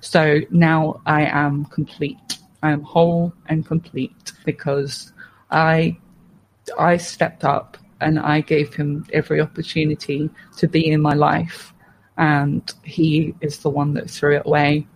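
A woman speaks candidly as a podcast guest, her voice gravelly and her delivery notably even. She tells her story in a frank, steady way. A faint background hum sits under her voice. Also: deep voice, slow pace, rough recording. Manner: frank and steady, with plain swearing and restarts.

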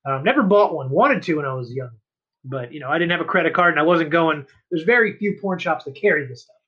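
A man's voice: a little high, animated, fast, slightly rough, highs cut off. A man co-hosting a podcast, chatting casually and explaining at length. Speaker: podcast co-host. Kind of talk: casual chat.

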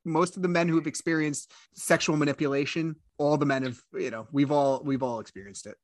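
A man's voice: on the high side, steady tone, fairly quick, no echo. A man hosting a podcast interview, reacting sympathetically with short exclamations. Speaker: podcast host. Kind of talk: casual interview chat.

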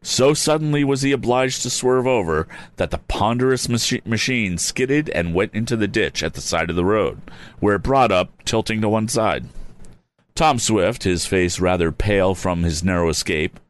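A man's voice: on the low side, expressive, normal speed. A man reading an old adventure story aloud, stopping now and then for wry, chatty asides. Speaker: reader. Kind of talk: casual storybook read-aloud.

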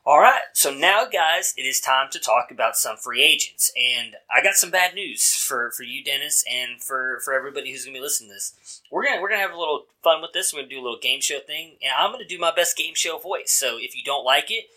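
A man's voice: mid-range voice, lively intonation, fast talker, pushed and bright. A man hosting a casual podcast, chatty and laid-back with loose phrasing. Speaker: podcast host.

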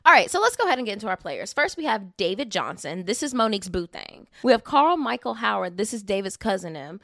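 A woman's voice: medium pitch, very animated, quick pace, gravelly, pushed and bright, no echo. A woman co-hosting a casual true-crime podcast, chatty and self-deprecating. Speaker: podcast co-host.

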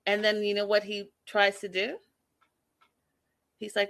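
A woman hosts a casual live-stream recap, her talk sassy and animated and often exasperated as she speaks straight to her viewers. Her voice sits at a middle pitch. The sound is dry and close, with almost no room in it. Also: measured pace, dry recording. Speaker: host recapping a reality show.

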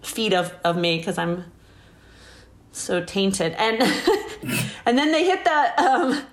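A woman's voice: fairly high pitch, slow. Laughing woman telling a story. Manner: animated, laughing often, acts out quoted lines. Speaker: guest. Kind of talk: casual storytelling interview.

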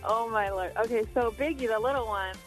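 A woman's voice: fairly high pitch, fairly quick, soft background music, rough recording. A woman calling in to a radio show, describing her pets in an amused way. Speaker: caller. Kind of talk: call-in chat.

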